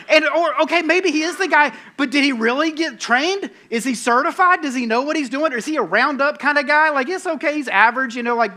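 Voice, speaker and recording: Animated male preacher with a bright, forceful voice, self-mocking storyteller. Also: very high voice. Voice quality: bald-headed, bearded. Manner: animated, self-mocking, acts out his own panic. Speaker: pastor. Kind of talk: sermon storytelling.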